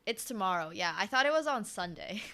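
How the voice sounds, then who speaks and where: Bright-voiced young woman streamer. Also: mid-range voice, lively intonation, normal speed, clear, resonant tone. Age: 20s. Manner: chatty, hums and laughs between remarks. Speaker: chess streamer. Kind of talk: casual live-stream commentary.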